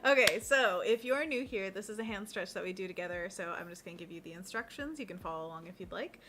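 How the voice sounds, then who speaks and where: A woman's voice: medium pitch, expressive, quick pace, background noise. A woman co-hosting a casual livestream, guiding viewers through hand stretches and reading chat with a giggly, playful manner. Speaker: co-host of an art livestream.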